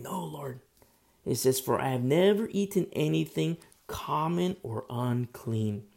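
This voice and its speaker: A pastor giving a conversational sermon, reading scripture aloud and explaining it, with frequent "you know" fillers. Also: male voice, mid-range voice, gravelly, a little mellow. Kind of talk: expository sermon.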